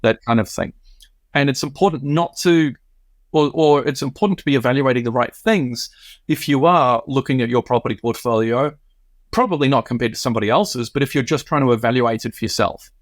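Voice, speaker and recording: A man co-hosting a casual podcast, explaining his points in a measured way. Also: medium pitch, no room sound, clean studio sound.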